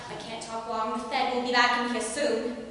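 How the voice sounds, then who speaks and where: A woman playing a chatty, excitable middle-aged mob housewife with a put-on New Jersey accent in a live improv scene, recorded in an echoey hall from far off. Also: a little high, normal speed, slight background noise, pitched below the performer's own voice. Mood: gossipy. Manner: chatty, loud, excitable gossip.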